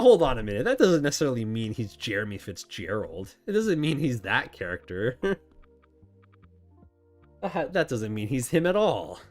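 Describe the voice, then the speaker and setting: A man hosting a casual chat, answering viewer questions in a rambling, self-correcting way and laughing often. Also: mid-range voice.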